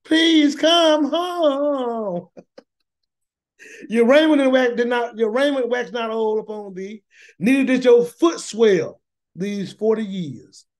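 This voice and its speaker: A man's voice: high voice, unhurried, a little mellow. A man teaching a Torah study in an informal, preachy sermon style, talking in a colloquial way, often repeating words and firing off rhetorical questions. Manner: colloquial Southern-leaning speech with "y'all" and "gonna". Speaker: Bible teacher.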